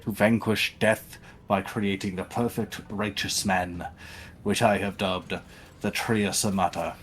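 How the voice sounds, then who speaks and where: Excitable old tech-priest, grand and lecturing, low-pitched, read by a man. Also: a little slow, lightly acted. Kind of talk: reading game dialogue aloud.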